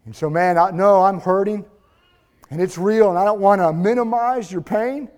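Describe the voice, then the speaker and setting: A man's voice: high voice, normal speed, a little mellow. A man preaching a sermon as pastor, fervent and emphatic.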